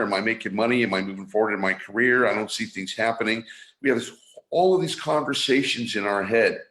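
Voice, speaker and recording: A man mentoring listeners on energy awareness, speaking in a teaching manner and acting out anxious inner thoughts in a higher voice. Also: fairly bright tone. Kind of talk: motivational teaching talk. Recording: roomy echo.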